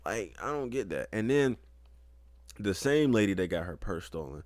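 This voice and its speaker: A man's voice: on the low side, sing-song, normal speed, dry recording. A young man co-hosting a podcast, telling rambling, profane anecdotes in a laid-back casual chat. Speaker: podcast co-host.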